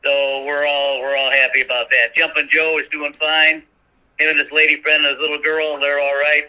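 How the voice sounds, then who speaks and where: An older man talking as a guest in a folksy, chatty way, pausing with fillers. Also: a little high, level tone, sharp tone, clean tone, poor audio. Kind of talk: casual chat.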